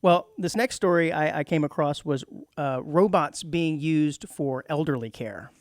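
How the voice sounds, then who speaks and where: Laughing, lively male radio co-host. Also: a little high, a little slow, no echo, studio quality. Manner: animated, laughs often, acts out quoted voices. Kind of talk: casual radio chat.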